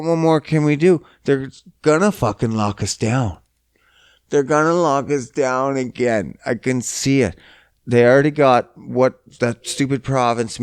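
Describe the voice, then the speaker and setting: A man's voice: mid-range voice, clean tone, no room sound, studio quality. A young man from Canada hosting a podcast, ranting in a profane, exasperated and mocking way. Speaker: podcast host. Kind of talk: casual solo rant.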